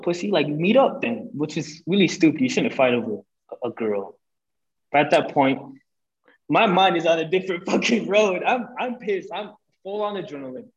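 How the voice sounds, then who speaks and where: A young man, a podcast guest, telling a breakup story in casual chat, animated and full of swearing, acting out what people said. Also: a little high, highs cut off. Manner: animated, profane, acts out quoted lines.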